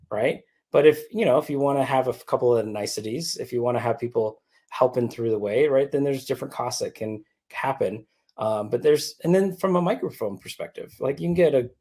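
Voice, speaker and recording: A man's voice: mid-range voice, mellow, breathy edge. A man guesting on an interview, explaining things in an easygoing, conversational way with frequent restarts. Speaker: podcast co-host guest. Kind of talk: casual interview chat.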